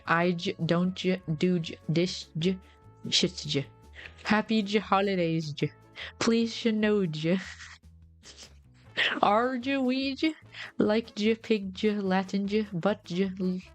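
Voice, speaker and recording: A young woman streamer chatting casually to her viewers in a playful, rambling way. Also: on the low side.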